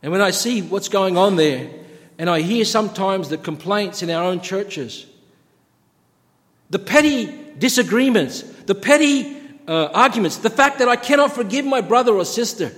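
High-voiced preacher in a reverberant hall. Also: male voice, animated, normal speed, fairly bright tone. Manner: earnest, building in intensity with repeated phrases. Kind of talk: sermon.

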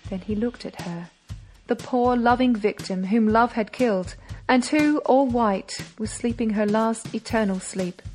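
A woman narrating a classic novel as an audiobook, measured and dramatic. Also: on the high side, a little mellow, soft background music.

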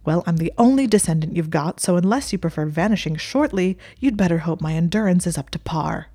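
A woman's voice: on the low side, expressive, a little fast, warm tone. A woman reading the lines of a proud, pompous young wizard who sounds indignant and choked. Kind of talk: storybook reading.

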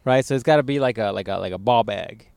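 A man's voice: lowish voice, fast, gravelly, no echo. A man co-hosting a podcast, joking in loose crude banter and telling stories with a lot of swearing. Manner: loose, swearing, animated storytelling. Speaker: podcast co-host.

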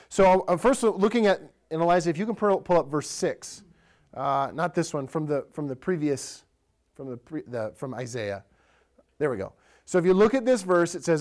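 A man in his thirties, a pastor, giving a conversational sermon in a church, telling stories and asking the congregation direct questions. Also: high-pitched. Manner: relaxed storytelling, asks the congregation direct questions.

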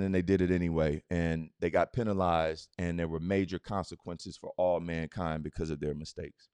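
A man hosting a podcast, giving a motivational talk in a casual, slangy way, driving his points home with repeated rhetorical questions that build to loud urging. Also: on the high side, smooth, dry recording, clean studio sound. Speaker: podcast host. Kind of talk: motivational speech.

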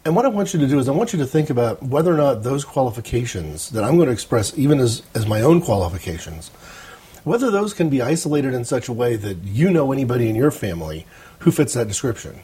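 A man's voice: mid-range voice, sing-song, fast, mellow, slightly rough. An American man hosting a rambling opinion monologue, talking wryly with small hesitations. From United States. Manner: rambling, wry commentary with hesitations. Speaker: host.

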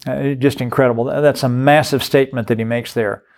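An earnest older man teaches scripture in a preaching style, repeating words as he drives a point home. His voice sits at an everyday middle pitch. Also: fairly even intonation, fairly quick, darkish tone. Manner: earnest, repeats words while building emphasis. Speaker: guest speaker on discipleship.

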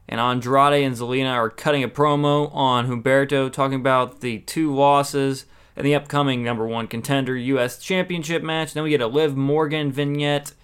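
Opinionated man recapping wrestling, smooth voice. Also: mid-range voice, a bit bright. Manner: opinionated, exasperated asides. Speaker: wrestling show reviewer. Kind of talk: casual recap commentary.

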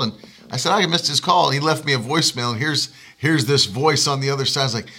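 A man's voice: mid-range voice, fast talker, slightly rough. A man, a pastor, telling a personal story in casual chat and laughing as he talks. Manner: animated storyteller, laughs while talking.

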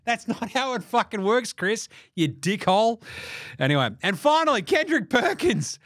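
A man's voice: very high voice, big pitch swings, moderate pace, fairly bright tone, no echo, studio quality. A man hosting a solo basketball podcast, sarcastic and profane as he riffs on the day's games. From Australia. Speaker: podcast host. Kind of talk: solo sports podcast rant.

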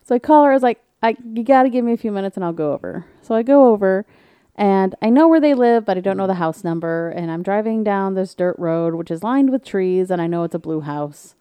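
A woman co-hosting a podcast, telling a story in casual chat and acting out quotes in a loud, high voice. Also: lively intonation, brisk, clean tone, dry recording. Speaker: podcast co-host.

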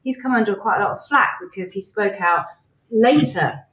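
A woman from the United Kingdom in an animated, storytelling conversational discussion, speaking emphatically. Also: medium pitch, normal speed, slight background noise. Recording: roomy, distant mic.

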